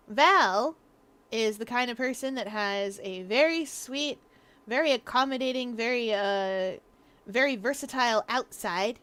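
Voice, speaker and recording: Young woman streamer, chatty and giggly, bright high voice, casual rambling over gameplay. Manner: chatty, rambling storyteller who laughs often.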